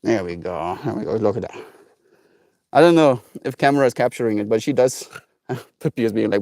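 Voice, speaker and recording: A man hosting a daily livestream. He rambles casually and playfully, and slips into high baby talk with his pets. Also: animated, a little fast, vocal fry, darkish tone, no room sound, clean studio sound.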